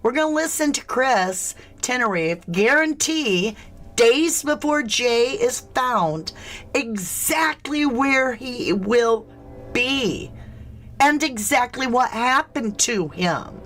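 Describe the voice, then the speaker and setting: A woman's voice: fairly high pitch, lively intonation, slow, a bit bright. A woman from the States, hosting a casual true crime livestream, chatty and questioning as she greets viewers. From southern United States.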